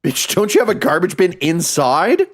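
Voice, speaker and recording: Profane, lively male gaming streamer. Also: high voice, moderate pace. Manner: profane, joking, often laughing and reacting loudly. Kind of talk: casual gaming commentary.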